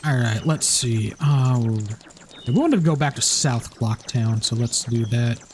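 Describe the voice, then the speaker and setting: A man's voice: mid-range voice, lively intonation, measured pace, noisy background. A man giving casual let's play commentary, rambling with many restarts and fillers. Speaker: gameplay commentator. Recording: game music playing behind.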